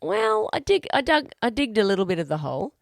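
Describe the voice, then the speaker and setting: Gravelly woman, wry quips. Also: fairly high pitch, huge pitch swings, fairly quick, no echo, studio quality. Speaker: podcast co-host. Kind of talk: casual chat.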